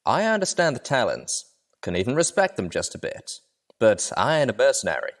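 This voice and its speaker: A man voicing a gruff male pony who talks bluntly with a drawl. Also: medium pitch, wildly swooping pitch, a little fast, pitched above the performer's own voice. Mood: stern.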